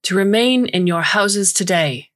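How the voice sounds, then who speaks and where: A woman voicing a robotic corporate alert system that makes announcements with a discordant calm. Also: medium pitch, a little slow, pitched above the performer's own voice. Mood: calm commanding.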